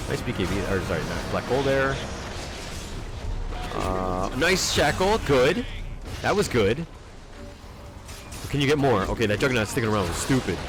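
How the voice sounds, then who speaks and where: A male coach talks through a player's match replay with a lively, swinging pitch. He reacts sharply and repeats urgent instructions. Clear background music plays under his voice. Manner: animated, exclaims and repeats urgent commands. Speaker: game coach reviewing a viewer's replay. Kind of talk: replay analysis commentary.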